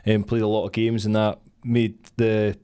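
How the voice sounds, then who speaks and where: A man's voice: on the low side, flat delivery, normal speed, mellow, clean tone. A man with a Scottish accent hosting a podcast, chatting casually, prompting his guest and laughing along. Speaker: podcast host. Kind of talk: casual chat.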